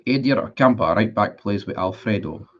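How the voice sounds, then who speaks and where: A man's voice: lowish voice, lively intonation, normal speed, lo-fi sound. A man in a casual livestream, reading out viewer comments and answering them in a blunt, sweary, sarcastic way. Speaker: football fan streamer.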